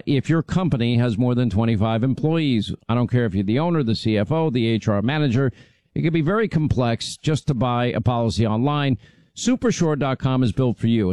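A man's voice: mid-range voice, a little mellow, no room sound. A man, the show's host, reading a sponsor ad in a loose, conversational way, with fillers and restarts. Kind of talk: conversational live-read ad.

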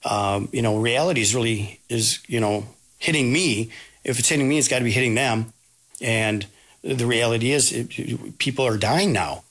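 A man from Minnesota, a teacher, recalling events in an interview with a halting, restart-filled way of talking. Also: mid-range voice, a bit bright. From Minnesota, USA. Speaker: teacher recalling a field trip. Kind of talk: interview recollection. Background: music.

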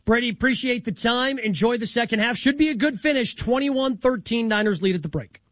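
A man hosting a sports talk radio show, breaking down plays in a brisk, conversational way. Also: very high voice, a bit bright, no room sound. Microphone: studio microphone.

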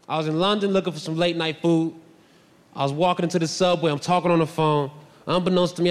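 A male stand-up comedian telling stories in an animated, boisterous, self-mocking way. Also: a little high, big-room sound. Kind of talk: stand-up storytelling.

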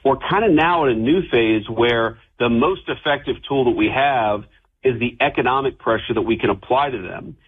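A man speaking as a politician in a radio interview, measured, with occasional restarts. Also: medium pitch, slightly rough. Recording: phone-like radio clip.

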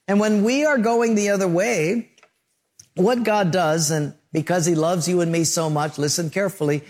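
Higher-voiced man preaching a sermon. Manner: storytelling with acted-out voices and sound effects. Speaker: pastor.

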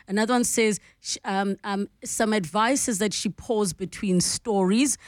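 A woman's voice: mid-range voice, moderate pace, hardly any pauses, dry recording, clean studio sound. A woman hosting a radio show, asking questions and reading listener messages. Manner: interviewing, reads listener messages aloud. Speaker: radio host. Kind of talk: studio radio conversation. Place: radio studio.

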